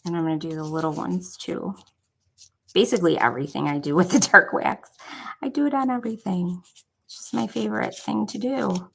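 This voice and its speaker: A young craft vlogger from Buffalo, New York speaks a little fast in a lowish, creaky, slightly bright voice with a Buffalo accent. The rough recording has slight background noise as she rambles chattily through a crafting tutorial, dropping many filler "likes."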